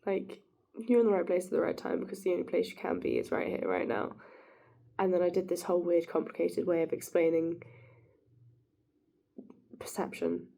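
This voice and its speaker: A woman's voice: lowish voice, lively intonation, normal speed, creaky, pauses often, warm tone. A woman talking to camera in a rambling, giggly monologue, musing philosophically and drifting off her point. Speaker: vlogger.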